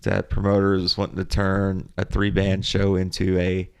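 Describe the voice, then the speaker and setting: A man's voice: deep voice, completely flat delivery, moderate pace, a little mellow, clear, resonant tone. A man with a Southern American accent from Arkansas, telling loose, laid-back stories as a guest in a casual podcast chat. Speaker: guest, touring metal musician.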